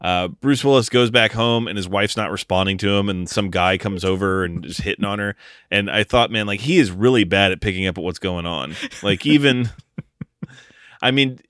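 A man's voice: lowish voice, normal speed, a bit bright, no echo, clean studio sound. A man co-hosting a casual podcast about a movie, talking animatedly, swearing freely and acting out lines in funny voices. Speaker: podcast co-host. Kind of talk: casual movie-discussion chat.

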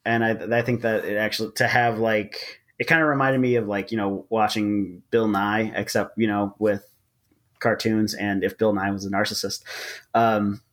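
A man co-hosting a casual podcast chat about manga, rambling with lots of fillers and quick laughs. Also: fairly low pitch, little pitch movement, fairly bright tone. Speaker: podcast co-host.

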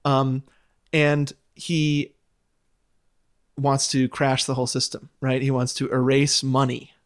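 A man's voice: mid-range voice, completely flat delivery, slow, smooth. A man co-hosting a podcast, chatting casually as he recaps a film's plot with frequent laughs and fillers. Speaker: podcast co-host. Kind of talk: casual movie recap chat.

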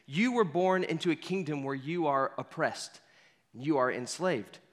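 A man delivers a sermon as guided storytelling, speaking straight to the listener and repeating key lines for weight. His voice sits slightly high for a man. A long reverb trails each phrase. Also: expressive, measured pace, a bit bright. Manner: speaks in the second person, leading listeners through a scene. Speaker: preacher.

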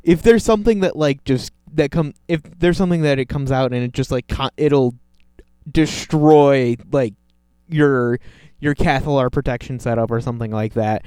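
A man speaking as a podcast guest in casual chat, halting and filler-heavy, with wry remarks. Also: medium pitch, darkish tone, clean tone, no echo.

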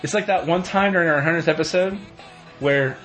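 A man's voice: a little high, brisk, fairly bright tone, soft background music, low-quality recording. A man hosting a casual podcast, joking around and rambling, often correcting himself. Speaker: podcast host. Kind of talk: casual chat.

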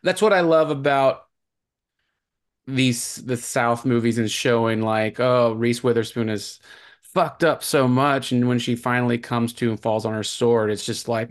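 A man's voice: medium pitch, steady tone, unhurried. A man co-hosting a movie podcast, chatting casually and rambling with lots of fillers and restarts. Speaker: podcast co-host.

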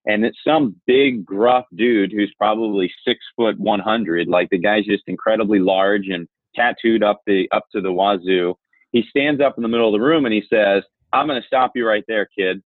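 A man with a low voice tells a story as a podcast guest, animated and candid. His voice comes through a narrow, tinny, phone-like line. The sound is dry, with no room echo. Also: moderate pace. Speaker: podcast guest, insurance marketer. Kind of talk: storytelling conversation.

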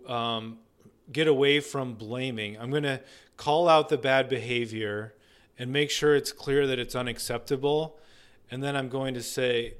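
A man working as a couples therapist, earnestly explaining his approach with frequent ums and restarts. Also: mid-range voice.

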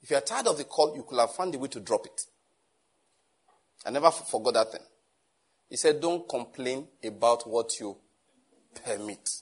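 Husky man preaching. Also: medium pitch, animated, a little fast, pauses often. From Nigeria. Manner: conversational preaching with acted-out dialogue. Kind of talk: sermon.

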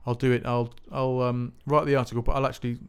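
A man's voice: mid-range voice, flat delivery, quick pace, smooth. A man hosting a music podcast, talking in a rambling, chatty, self-mocking way with lots of restarts. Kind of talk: casual solo podcast chat.

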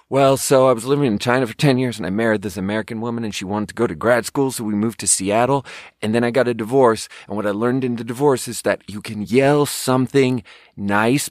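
Profane, rambling man with a low voice. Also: no room sound, studio quality. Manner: rambling, profane, self-mocking storytelling with bursts of mimicry. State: worn out. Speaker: podcast host. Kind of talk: casual comedic monologue.

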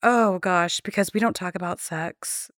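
A woman's voice: lowish voice, measured pace, a bit bright, no room sound. Woman in her thirties, podcast guest, blunt and profane storyteller, dry close sound. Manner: candid, profane, acts out quoted dialogue. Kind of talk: casual storytelling.

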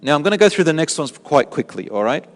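A man's voice: fairly high pitch, sing-song, quick pace. Man teaching in a reverberant mosque. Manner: explanatory, asks the audience questions. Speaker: religious teacher. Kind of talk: mosque lesson on prayer. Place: mosque hall.

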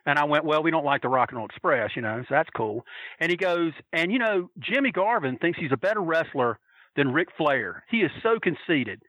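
A man telling a story in a casual, animated way, swearing freely and acting out the voices of the people he quotes. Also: a little high, brisk, no room sound, highs cut off. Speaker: storyteller recalling wrestling fan days.

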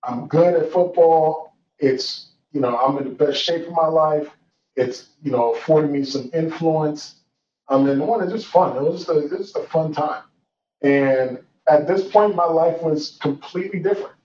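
A man's voice: fairly high pitch, normal speed, a little mellow. A young man telling a personal story in an earnest, reflective way, with many fillers and restarts. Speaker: guest telling his story. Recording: roomy, distant, dull sound with faint noise.

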